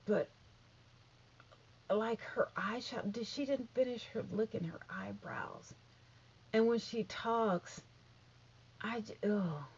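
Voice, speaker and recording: A woman's voice: a little high, slow pace, pauses often, darkish tone, breathy edge, dull audio. A woman vlogging casual celebrity gossip in a chatty, catty way, full of asides and repeated no's.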